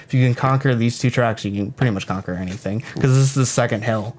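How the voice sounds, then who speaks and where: A man's voice: medium pitch, quick pace, darkish tone, a little hiss or hum. A young man co-hosting a casual music podcast, rambling, joking and correcting himself as he goes. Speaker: podcast co-host.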